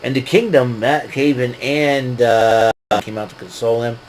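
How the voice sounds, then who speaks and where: A man's voice: mid-range voice, normal speed, slight background noise, low-quality recording. A man casually recapping a wrestling show, rambling with lots of fillers and frequent laughs. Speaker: podcast host recapping wrestling.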